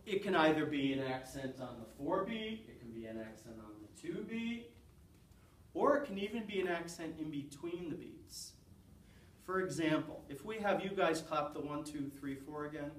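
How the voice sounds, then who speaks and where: A man's voice: a little high, recorded from a distance, a little hiss or hum. Man teaching in a roomy classroom. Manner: animated, counts beats aloud and quizzes the class. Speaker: college music lecturer. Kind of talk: classroom lecture with clapping exercises. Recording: roomy classroom sound from off-mic.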